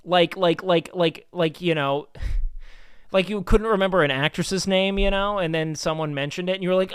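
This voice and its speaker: Guy streamer rambling to chat, lots of like and you know, smooth voice a bit high, dry close sound. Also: moderate pace, dry recording. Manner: worked-up and animated when ranting. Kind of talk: casual live-stream chat.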